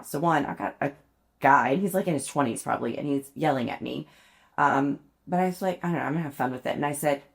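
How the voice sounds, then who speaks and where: Chatty low-voiced woman, laughing often. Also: fast. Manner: chatty, laughs often, self-deprecating storytelling. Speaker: podcast co-host. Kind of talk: casual chat.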